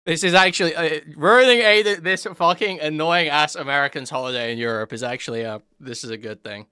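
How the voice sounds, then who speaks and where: A man talks over a clip he is reacting to, mocking and disbelieving in a casual way. His voice sits a little high and sounds bright and crisp. The sound is dry and close to the mic. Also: fairly quick, no room sound. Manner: incredulous, laughing, mocking reactions. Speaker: commentary host reacting to a clip.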